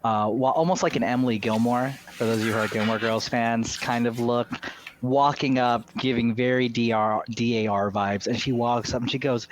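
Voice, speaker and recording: A man's voice: medium pitch, fairly even intonation, moderate pace, slight background noise. Playful man running a tabletop game. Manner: playful, descriptive. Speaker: game master.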